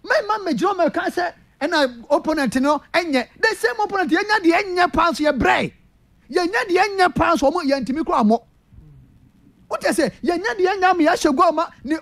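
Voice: very high-pitched, expressive, brisk, fairly bright tone. A football pundit with a Ghanaian accent argues passionately in a sports talk discussion, repeating points and addressing the host by name.

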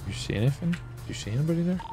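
A man's voice: a little high, animated, rapid-fire, over music. A young man streaming a police role-play game, joking with a friend and barking commands at suspects. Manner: loud, bossy commands in character, joking asides. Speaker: streamer playing a police officer.

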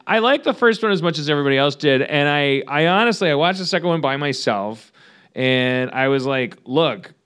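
A man's voice: on the high side, lively intonation, fairly quick, fairly bright tone, clear, resonant tone. A man hosting a podcast, telling a rambling comedic story with many stammered restarts. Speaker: podcast host. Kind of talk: casual comedic chat.

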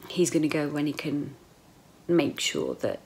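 Middle-aged woman, own voice, home video diary; low, gravelly, emotional, slips into whispers. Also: sing-song, measured pace, a little mellow, slight background noise. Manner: emotional, rambling, drifts into whispers. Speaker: vlogger. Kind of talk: casual personal video diary.

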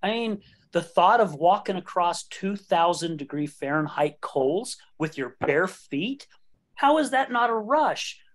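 A man's voice: high-pitched, animated, unhurried. A man in his late fifties hosting a podcast, talking candidly and joking, laughing often. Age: late 50s. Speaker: podcast host. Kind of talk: casual conversation.

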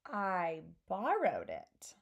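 A gentle storybook giant with a low, slow, gravelly voice and warm, dark tone, put on by a woman reading aloud. He talks kindly in tangled grammar and made-up words. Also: wildly swooping pitch, heavily acted. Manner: gentle, ungrammatical, invents odd words. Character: big friendly male giant, gentle, mangled grammar.

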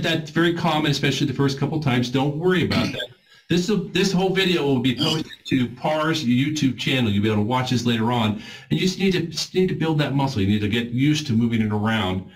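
A man leading a group voice warm-up class in an informal, encouraging coaching way. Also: fairly high pitch, very animated, brisk, a little hiss or hum, rough recording. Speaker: voice exercise instructor.

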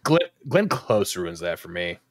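A man's voice: low-pitched, sing-song, a little slow, dry recording, clean studio sound. A man hosting a casual podcast, swearing freely and open about his feelings. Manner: casual, profane, openly emotional. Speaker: podcast host.

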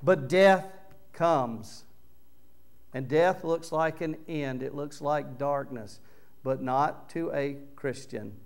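Emphatic male preacher with a smooth voice. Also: a little high, slow pace. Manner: earnest, emphatic preaching with loud swells on key words. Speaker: pastor. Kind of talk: sermon. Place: church sanctuary.

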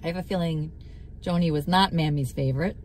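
A woman's voice: low voice, brisk, darkish tone, a little hiss or hum. A woman hosting a live stream, chatting casually with a caller and teasing her playfully. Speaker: livestream host.

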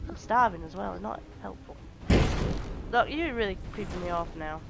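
A woman's voice: mid-range voice, animated, fairly quick. A woman doing let's play commentary, swearing and talking back to the game in exasperation. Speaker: gameplay commentator. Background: game music.

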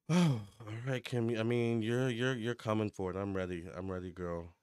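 A man giving a casual psychic tarot reading to camera, chatty and excitable as he relays what he picks up in a running commentary. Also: fairly low pitch, normal speed, smooth, no echo, studio quality. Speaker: tarot reader and medium.

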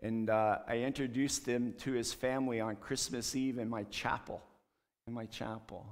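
A man's voice: mid-range voice, fairly even intonation, normal speed. A man earnestly telling a ministry story in church, acting out the dialogue as he goes. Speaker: street ministry leader. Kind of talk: testimony talk in church. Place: church sanctuary. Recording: long church hall reverb.

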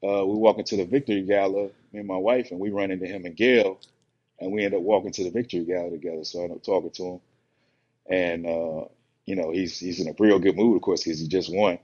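Husky low-voiced man telling stories. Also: fast talker. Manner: relaxed, rambling, acts out quotes in his stories. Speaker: guest, professional bodybuilder. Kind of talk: casual storytelling on a podcast. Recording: muffled lo-fi podcast audio.

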